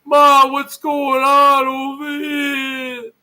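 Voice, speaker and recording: Loud mocking man ranting, high voice. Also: monotone, drawn-out words. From northern New Jersey. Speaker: vlogger. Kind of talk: ranting monologue.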